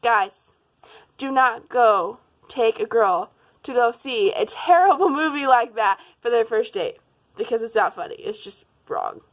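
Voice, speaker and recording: A young woman tells a dating story to her vlog viewers, talking in a fairly high voice. She acts out the lines of the people in her story and laughs along the way. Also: unhurried. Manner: animated, laughing, acts out quotes. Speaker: vlogger. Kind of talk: casual storytime.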